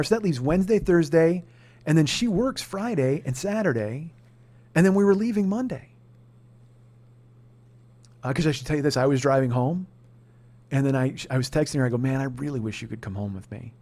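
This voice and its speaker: A man in his forties hosting a comedy podcast, telling a long story in a casual, profane way that often climbs into shouted rants. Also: on the high side, lively intonation, normal speed, pauses often. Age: 40s. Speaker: podcast host.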